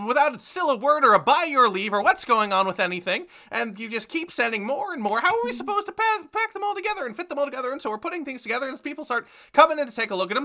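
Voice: mid-range voice, pushed and bright, breathy edge, exaggerated voice. A game master voicing a fussy middle-aged mother who rants at her son and then politely hosts his friends.

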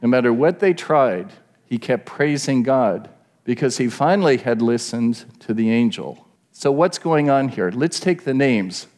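A middle-aged man preaches a sermon in an explanatory teaching manner. His voice sits at a medium pitch, and he often puts questions to his listeners as he works through a passage. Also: lively intonation, a little slow, a little mellow.

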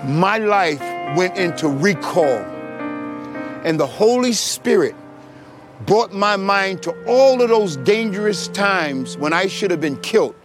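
Middle-aged male preacher, high voice, animated testimony over music. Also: slow pace. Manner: animated storytelling, acting out voices. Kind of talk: sermon testimony.

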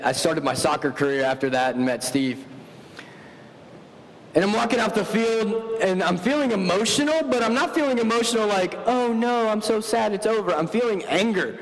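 A man preaching a sermon, telling stories with animated, self-mocking humor. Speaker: pastor. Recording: long hall reverb with faint rumble.

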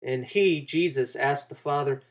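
A man's voice: medium pitch, measured pace. A man preaching a sermon, walking through a passage and acting out the quoted lines with rising emphasis.

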